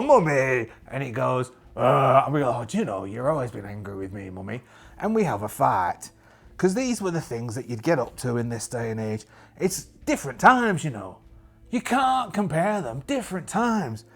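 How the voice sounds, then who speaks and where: Lively, husky man narrating a solo game. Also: mid-range voice. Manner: chatty, jokey, talks to himself while rolling dice. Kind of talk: in-character actual-play narration.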